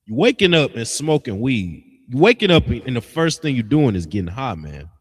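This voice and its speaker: A male religious teacher preaching in a blunt, scolding way, full of slangy asides. His mid-range voice swings widely in pitch as he drives each point home. A long reverb trails behind every phrase. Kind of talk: street-style preaching lesson.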